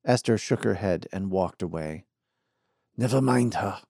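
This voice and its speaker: A man voicing an ailing elderly male mine owner, gruff yet hearty, with a strained, raised old voice. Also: sits low, measured pace, a little mellow, dry recording, clean studio sound, heavily acted.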